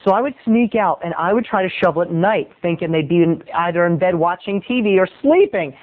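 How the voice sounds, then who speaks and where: A video blogger with a high, expressive male voice tells a rambling comic story at a fairly quick pace. He's theatrical and keeps slipping into different voices. The audio is muffled and lo-fi, like a phone recording.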